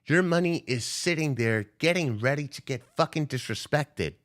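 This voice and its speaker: A man's voice: fairly high pitch, lively intonation, moderate pace, a bit bright. A young man ranting on a stock trading livestream, profane and confrontational as he calls out viewers. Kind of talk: unscripted livestream rant.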